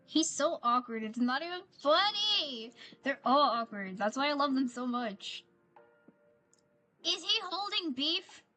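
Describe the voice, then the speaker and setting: A woman's voice: sits high, expressive, a little slow, pushed and bright, faint music behind. A woman streaming a game, chatting casually and gushing over the characters, often repeating herself. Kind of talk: casual gameplay commentary.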